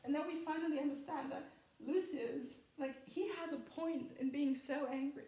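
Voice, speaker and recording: A woman's voice: high voice, fairly even intonation, moderate pace, mellow, recorded from a distance. A woman in casual spoken commentary who rambles with lots of fillers and laughs often. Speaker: film commentary vlogger. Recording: echoey room, voice off-mic.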